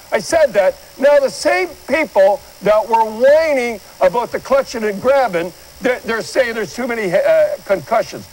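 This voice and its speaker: An older man talks hockey in a high, animated voice, rambling and blunt. He keeps telling viewers to watch the replays. His talk sounds like opinionated studio commentary. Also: normal speed, hardly any pauses, rough recording. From Canada.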